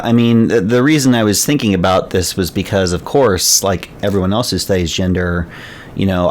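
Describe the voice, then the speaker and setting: A man moderating an academic discussion over a video call, talking in a halting way with many restarts. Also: low voice.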